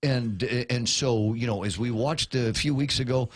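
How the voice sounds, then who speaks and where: A man's voice: mid-range voice, normal speed. Middle-aged male radio host from Guam, casual chatty delivery, lots of restarts and asides. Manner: rambling, with many restarts and playful asides. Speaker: radio talk show host. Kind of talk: casual morning radio chat.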